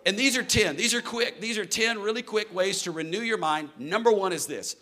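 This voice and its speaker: A man's voice: high voice, lively intonation, brisk, few pauses, pushed and bright. A man in his thirties preaching a sermon in a church hall, earnest and building to emphatic declarations. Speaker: pastor.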